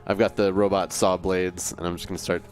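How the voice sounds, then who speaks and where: A man's voice: low-pitched, flat delivery, brisk, faint music behind. A man playing a tabletop game, eager and joking as he describes his character's moves. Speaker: player. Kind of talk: tabletop role-play chat.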